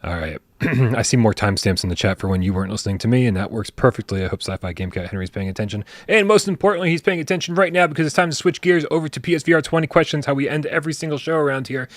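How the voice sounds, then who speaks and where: A man's voice: mid-range voice, very fast, few pauses, no echo. A man hosting a casual live stream, chatty and joking as he reads out viewer tips. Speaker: podcast host.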